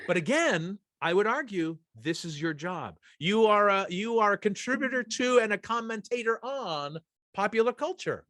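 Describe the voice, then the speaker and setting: Guy hosting, telling a long rambly story, slightly high voice, dry close sound. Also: lively intonation, moderate pace, sharp tone, no echo. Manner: rambling anecdotal storyteller, lots of restarts and laughs. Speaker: host. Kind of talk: casual chat.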